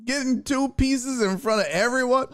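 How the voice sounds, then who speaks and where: A young adult man hosting a live stream, telling stories in an animated, profane way and acting out the people in them. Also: extremely high pitch, normal speed. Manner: animated storytelling with profanity and acted-out voices. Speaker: streaming show host. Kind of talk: casual live-stream chat.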